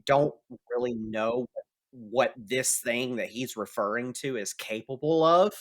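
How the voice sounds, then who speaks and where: A man's voice: mid-range voice, measured pace, fairly bright tone. A man narrating as game master of a tabletop game, casual and hesitant with fillers.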